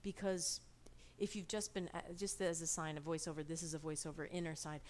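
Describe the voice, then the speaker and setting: A woman's voice: deep voice, fairly even intonation, brisk, slight background noise. Joking woman in voice-acting outtakes. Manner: joking, often laughing. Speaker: voice actress. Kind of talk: recording-session outtakes.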